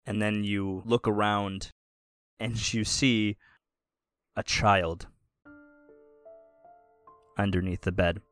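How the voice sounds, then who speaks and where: A man's voice: on the low side, steady tone, slow pace, pauses often, fairly bright tone, smooth, no echo, clean studio sound. A man narrating as game master in a tabletop game, casual and chuckling, with faint music behind.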